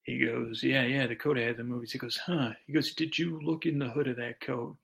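Gravelly, rambling bedtime storyteller man. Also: mid-range voice, fairly even intonation, a little fast, fairly bright tone. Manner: meandering, digressive, full of restarts and asides. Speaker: podcast host telling a bedtime story.

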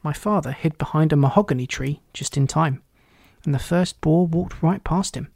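A man narrating a children's storybook aloud in a steady, clear reading voice. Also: fairly high pitch, moderate pace, no room sound, studio quality.

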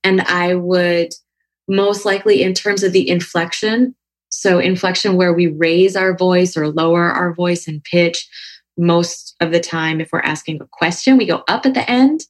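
A woman's voice: fairly low pitch, flat delivery, unhurried. A woman who is a yoga teacher and author, talking in a thoughtful, reflective way in long winding sentences. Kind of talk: conversational podcast talk.

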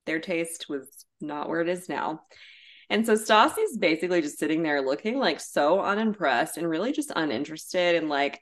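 A woman's voice: deep voice, expressive, normal speed. A woman podcast co-host recapping a reality show in a casual, blunt way. She uses lots of "like" and swears freely. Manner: chatty and blunt, with frequent "like" and swearing.

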